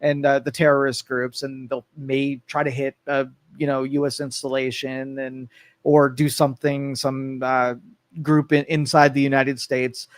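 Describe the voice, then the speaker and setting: A man co-hosting a local talk radio show in casual political talk, animated, acting out quoted voices and restarting often. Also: mid-range voice, measured pace, dry recording. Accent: Northeast Ohio. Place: radio studio.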